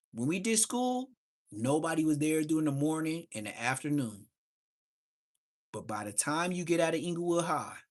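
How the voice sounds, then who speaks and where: A man hosting a livestream, telling street stories casually and acting out the voices of people in them. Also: on the high side. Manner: animated street storytelling, acts out quoted voices. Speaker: livestream host. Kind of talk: casual storytelling.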